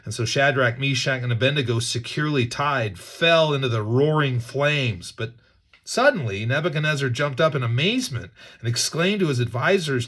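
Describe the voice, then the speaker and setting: A man's voice: mid-range voice, normal speed, fairly bright tone. A man reading scripture with commentary, earnest and emphatic, often repeating words as he thinks aloud. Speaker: Bible teacher.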